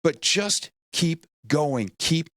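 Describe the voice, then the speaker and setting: A middle-aged man giving a humorous, energetic motivational talk, acting out quotes as he tells stories. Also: fairly high pitch, very slow, dry recording, studio quality. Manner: energetic, animated storytelling with acted-out quotes; humorous, self-deprecating. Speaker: motivational speaker.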